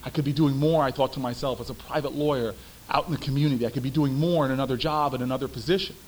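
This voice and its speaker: A young man, a former city councilman, giving a storytelling speech with emphatic, animated delivery. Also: mid-range voice, racing, a little hiss or hum, low-quality recording.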